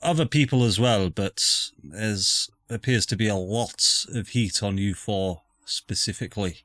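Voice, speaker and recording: A man's voice: lowish voice, unhurried, a bit bright, no echo. A man voicing a Scottish-accented male NPC in a tabletop game, drawling and conspiratorial. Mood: warning. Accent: Scottish, put on. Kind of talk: tabletop role-play character voice.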